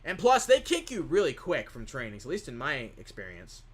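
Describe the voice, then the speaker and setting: A man's voice: medium pitch, huge pitch swings, normal speed, husky. A man streaming live, chatting casually in a rambling way as he reads chat questions aloud and answers them.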